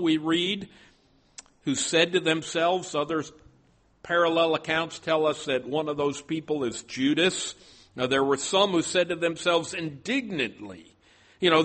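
A man's voice: a little high, sharp tone. A male pastor preaching a sermon, stopping often and repeating his words as he goes.

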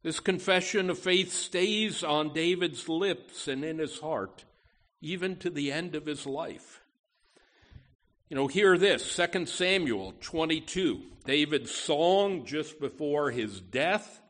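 A man preaching a sermon as pastor of his church, emphatic and deliberate, with frequent "you know" asides. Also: fairly high pitch, fairly bright tone.

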